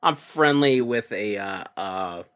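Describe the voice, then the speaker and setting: Dad on a podcast telling little stories, easygoing, chatty. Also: male voice, on the low side, lively intonation, slow pace, fairly bright tone, smooth. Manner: anecdotal, easygoing storyteller. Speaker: podcast co-host. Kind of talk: casual podcast banter.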